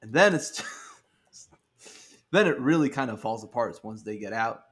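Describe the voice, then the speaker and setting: A man's voice: mid-range voice, expressive, measured pace, a bit bright. A man in casual podcast chat, blunt and sweary, laughing often and stacking fillers as he reviews a film. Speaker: podcast guest film critic.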